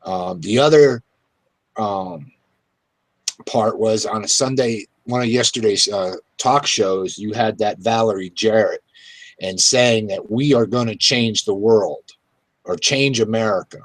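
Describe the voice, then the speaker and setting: A man hosting a talk show, speaking in an irritated, halting way with many fillers. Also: fairly low pitch, dry recording. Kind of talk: casual political talk.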